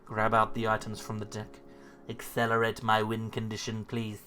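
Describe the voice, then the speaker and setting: A man's voice: fairly low pitch, monotone, normal speed, bright, forceful tone. A man casually commentating his own card game match, thinking aloud and talking to himself with playful, wry asides.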